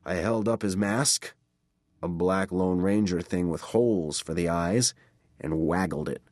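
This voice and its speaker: A man reading a first-person horror story as an audiobook narrator, measured and dramatic. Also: low voice, darkish tone, dry recording, studio quality.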